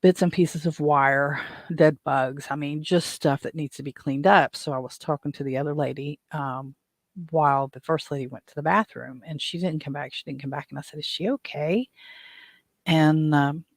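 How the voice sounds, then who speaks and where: Higher-voiced man telling a rambling story. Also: steady tone, normal speed, vocal fry, dry recording, clean studio sound. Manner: rambling, self-interrupting, chuckles while telling. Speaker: podcast host. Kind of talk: casual storytelling.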